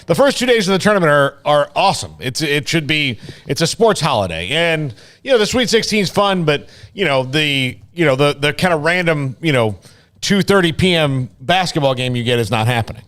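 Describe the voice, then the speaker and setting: A man's voice: on the high side, animated, a little fast, a bit bright. A man co-hosting a sports radio show, talking casually with lots of fillers. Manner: rambling, many fillers. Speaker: radio co-host.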